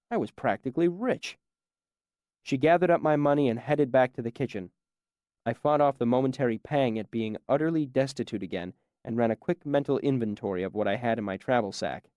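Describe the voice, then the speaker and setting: Male audiobook narrator, measured first-person storytelling, dry studio sound. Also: medium pitch, a little mellow, no echo.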